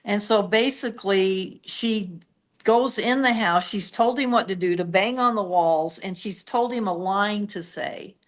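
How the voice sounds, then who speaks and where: A woman co-hosting a true-crime podcast, retelling the case in steady, detailed storytelling. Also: mid-range voice, a little slow.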